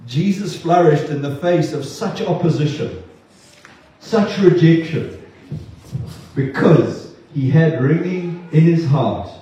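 A man's voice: on the high side, expressive, takes it slowly, dark tone. A man preaching an earnest, heartfelt sermon in a church, often stumbling and repeating words. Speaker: pastor. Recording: dull echoey sound from far off.

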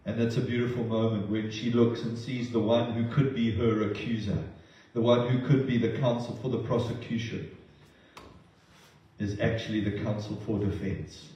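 A man's voice: mid-range voice, steady tone, moderate pace, warm tone. A man preaching a sermon in an earnest, emotional way, often restarting his words. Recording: roomy distant sound.

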